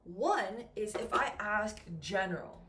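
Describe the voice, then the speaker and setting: A woman teaching a beginner English lesson, speaking slowly and clearly and acting out example questions. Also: medium pitch, a little hiss or hum. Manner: slow and lively, with acted-out example questions.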